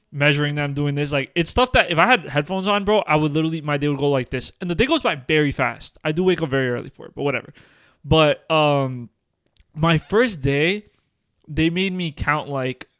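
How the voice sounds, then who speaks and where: A man's voice: a little high, a bit bright, smooth, dry recording, studio quality. A young man in his twenties co-hosting a podcast, telling stories in casual chat with slang, fillers and frequent laughter. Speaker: podcast co-host.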